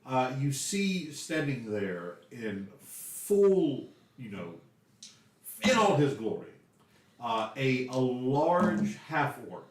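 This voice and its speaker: Roomy, distant Southern game master. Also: male voice, medium pitch, big pitch swings. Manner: halting, many restarts and fillers. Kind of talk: narrating a tabletop game.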